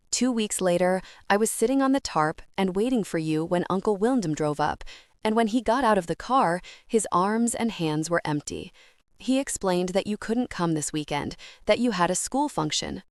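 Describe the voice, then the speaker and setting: A woman narrating a literary audiobook in a measured, quiet, reflective way. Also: fairly low pitch, animated, dry recording, studio quality.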